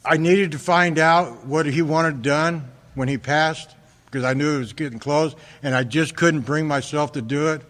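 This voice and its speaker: An American man from Fresno, California, giving an earnest personal testimony at a recovery meeting, halting often and repeating words as he restarts. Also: on the high side, a bit bright. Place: large hall at a convention. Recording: reverberant hall recording.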